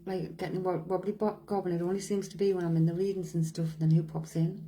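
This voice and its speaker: A woman's voice: lowish voice, flat delivery, fast, warm tone, slight background noise, rough recording. A woman, a psychic medium, chatting casually on a live stream, reading out viewers' comments, answering them and laughing often.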